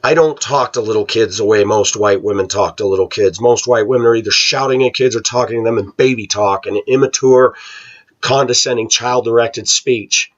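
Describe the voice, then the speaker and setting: A middle-aged American man talks straight to the camera in a husky, fairly low voice, scornful and opinionated. The sound is a little dull and lo-fi. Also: normal speed. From United States. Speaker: vlogger. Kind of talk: casual ranting monologue.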